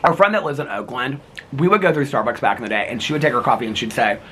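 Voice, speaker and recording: A man's voice: medium pitch, expressive, fast talker, fairly bright tone, slight background noise. A middle-aged man vlogging in a rambling casual chat, laughing often as he talks.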